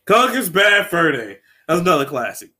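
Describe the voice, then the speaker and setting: A young man talking games in a casual podcast chat, his voice a touch higher than most and swinging widely in pitch. He gets excited fast, laughing and hyping things up as he goes. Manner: excitable, animated, laughs often. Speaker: podcast co-host.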